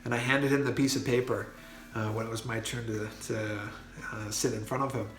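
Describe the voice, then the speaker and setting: A man's voice: medium pitch, fairly quick. A man telling a personal story in a casual monologue, earnest and full of fillers and restarts. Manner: earnest, many fillers and restarts, grows excited. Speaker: vlogger. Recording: roomy echo with faint music.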